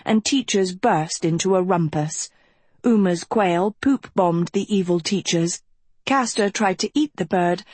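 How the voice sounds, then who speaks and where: A woman narrates a storybook slowly and evenly, her voice soft and breathy. The sound is close and dry, with no room echo. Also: lowish voice. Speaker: audiobook narrator. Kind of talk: scripted narration.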